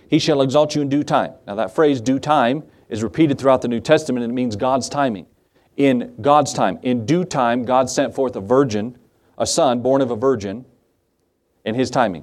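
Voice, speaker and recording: A middle-aged pastor preaches conversationally, frequently putting questions to his listeners. His voice is medium in pitch and a little mellow.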